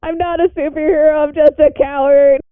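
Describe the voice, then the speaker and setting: A woman's voice: high-pitched, little pitch movement, dry recording, pitched above the performer's own voice, natural voice. A woman voicing a scared, guilty young alien kid, speaking shakily in a tabletop game. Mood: tearful. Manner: shaky, halting speech. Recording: tinny phone-like call audio.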